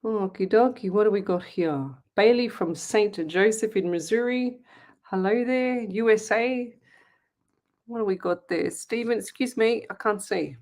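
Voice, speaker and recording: Middle-aged Australian woman, live-stream host, casual and friendly chatter, quick to laugh. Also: mid-range voice, darkish tone. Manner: chatty, greets viewers by name, laughs easily. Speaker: psychic medium hosting a live stream.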